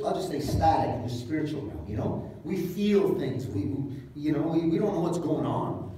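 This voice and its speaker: A man preaching a sermon as pastor, retelling scripture in a casual, joking way with animated asides. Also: a little high, slight background noise. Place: church hall. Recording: echoey hall, mic at a distance.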